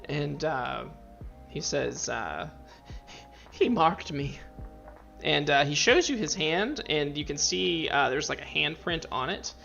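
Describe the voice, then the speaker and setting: Gravelly bright-voiced guy gm-ing a tabletop game, lots of ums and restarts, dull lo-fi audio. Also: on the high side, lively intonation, a little slow, soft background music. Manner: rambling, full of fillers and restarts. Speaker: game master.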